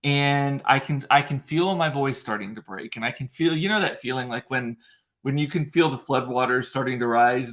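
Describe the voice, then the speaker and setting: Speaking into a computer mic in front of a ring light, this male livestream host rambles in a chatty, emotional way, with frequent fillers and restarts. His voice is medium-pitched and fairly bright, and the tone stays casual.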